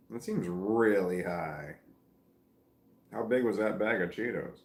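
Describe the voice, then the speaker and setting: A man with a Midwestern American accent hosts a live chat from home, reading viewers' comments aloud and musing on them. His voice is low and sounds tired, and his talk rambles and breaks into chuckles. The room around him is echoey. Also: takes it slowly, creaky, pauses often. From Missouri, United States. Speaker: livestream host reading chat.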